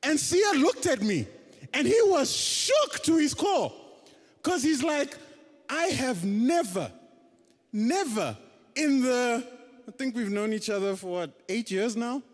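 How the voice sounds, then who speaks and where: A man's voice: very high voice, very animated, a little slow. A man in his twenties from South Africa, preaching a personal testimony on stage in a conversational, self-deprecating storytelling manner. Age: 20s. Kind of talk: testimony sermon. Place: church stage. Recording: hall reverb.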